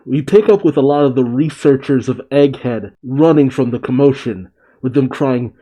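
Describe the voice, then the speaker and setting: Mellow-voiced man musing over a comic. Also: mid-range voice, moderate pace, low-quality recording. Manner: musing, wry asides. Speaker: manga reaction host. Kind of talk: reading and commenting on a comic chapter.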